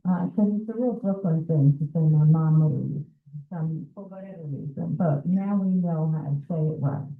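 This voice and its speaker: A woman's voice: fairly low pitch, moderate pace, few pauses. A woman chairing a committee, reading its report at a public meeting in a chatty way, with many fillers and asides to the audience. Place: community board meeting room. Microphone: shared meeting microphone. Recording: echoey room, thin phone-like sound.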